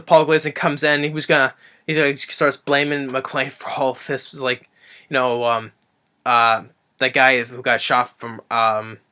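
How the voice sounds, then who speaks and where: This man's clean, sharp-toned voice wanders through an impromptu film review full of fillers and false starts. He occasionally pitches up to act out quotes for a moment.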